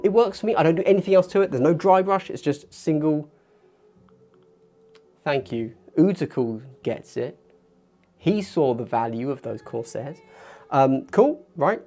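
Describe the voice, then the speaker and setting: A man in his thirties hosting a casual hobby livestream, chatty and animated, getting worked up and poking fun at himself. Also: on the high side. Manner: chatty, animated, gets worked up and self-deprecating. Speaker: livestream host. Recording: faint background music.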